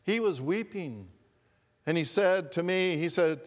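A male pastor delivers a sermon at an unhurried, measured pace, leaning on repetition to drive points home. His voice sits a little high for a man, and it rings out with the long reverb of a church sanctuary. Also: expressive. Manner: slow, deliberate preaching with repeated phrases.

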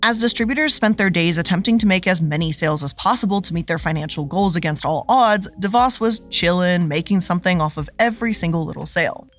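A woman's voice: fairly low pitch, fast, few pauses, faint music behind. Sarcastic woman hosting a scripted show. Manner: sarcastic, lively scripted delivery. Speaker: host. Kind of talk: scripted narration.

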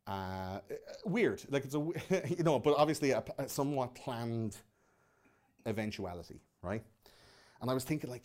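A man's voice: mid-range voice, lively intonation, normal speed, darkish tone. A young man with a Liverpool accent, hosting a podcast in front of a live audience and ranting casually with lots of swearing. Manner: loose and profane, mocking put-on voices.

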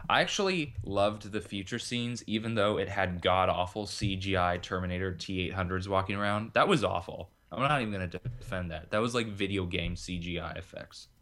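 Man, lowish voice, casual chat, opinionated, emphatic, swears. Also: fairly quick, hardly any pauses, a bit bright. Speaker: film discussion co-host.

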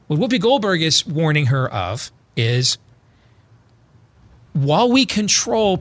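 A male talk show host, sarcastically paraphrasing others in comedic political talk with sudden put-on voices. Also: fairly bright tone. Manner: sarcastic, mocking paraphrase with sudden high impressions.

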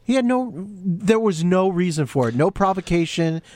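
Animated joking man with a lively voice. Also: high-pitched, moderate pace, no room sound. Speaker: podcast co-host. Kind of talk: casual chat.

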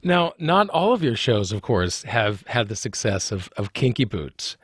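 A man hosting an interview who asks measured, thoughtful questions. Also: lowish voice, very animated, slightly rough, no room sound, clean studio sound.

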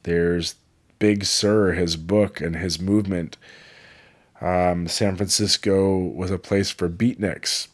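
Man from California, low voice, rambling casual travel vlogger, enthusiastic and digressive. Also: steady tone, takes it slowly.

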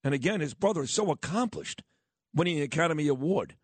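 A man's voice: a little high, lively intonation, fast, breathy edge, dry recording. A man hosting talk radio, chatting in a rambling way with offhand asides. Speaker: radio host.

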